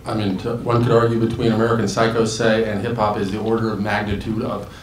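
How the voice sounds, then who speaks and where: A man's voice: fairly low pitch, little pitch movement, quick pace, distant mic, a little hiss or hum. Male moderator in echoey hall. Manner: brief, prompting questions. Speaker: interviewer and moderator. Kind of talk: moderating a public talk. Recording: echoey hall recording from afar.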